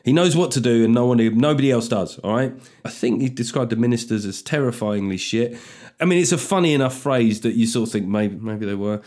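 A man's voice: medium pitch, a little fast, a little mellow. A man hosting a comedy podcast, delivering a sardonic, sweary comic monologue.

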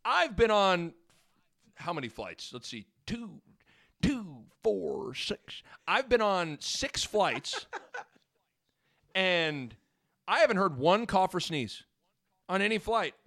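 A man's voice: high-pitched, big pitch swings, slow pace, creaky, long pauses, fairly bright tone. A man hosting a sports talk show, rambling casually and joking, piling on analogies. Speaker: sports radio host.

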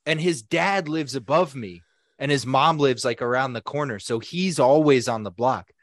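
A young man tells a rambling, profane story on a podcast and acts out the people in it. His voice sits at a middle pitch. The sound is close and dry, with no room echo. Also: moderate pace. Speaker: podcast co-host. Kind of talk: casual storytelling chat.

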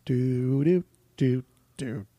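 A man's voice: mid-range voice, extremely slow, mellow, dry recording. A young man co-hosting a casual podcast chat, goofy and rambling, laughing often at his own riffs. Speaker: podcast co-host.

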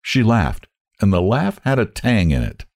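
Guy narrating an old story, lowish voice, swoops up and down a lot, dead dry sound. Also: sing-song, unhurried, a little mellow, no room sound. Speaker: audiobook narrator.

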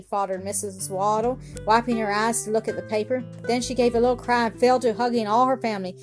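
Female storyteller, fairly high voice, gentle bedtime-story read over faint music. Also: fairly quick, hardly any pauses. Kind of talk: children's story narration.

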